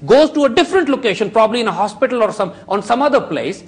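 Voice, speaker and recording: A middle-aged man speaks in a notably high register, pressing his points hard. He argues like a television pundit, stacking up rhetorical questions and insisting on every detail. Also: animated, quick pace. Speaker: talk show guest, commentator. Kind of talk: argumentative TV discussion.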